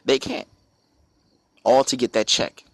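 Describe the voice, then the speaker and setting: A man's voice: mid-range voice, fairly even intonation, slow, no echo. A man from the United States giving an impassioned spoken commentary, emphatic and repetitive, often putting rhetorical questions to his listeners. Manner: emphatic, repeats phrases, asks rhetorical questions. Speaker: speaker on a religious channel.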